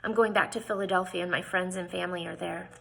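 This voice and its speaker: A woman voicing a proper, stubborn young lady whose voice rises high when upset. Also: steady tone, quick pace, creaky, a bit bright. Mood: pleading. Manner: pleading, raises her voice in upset.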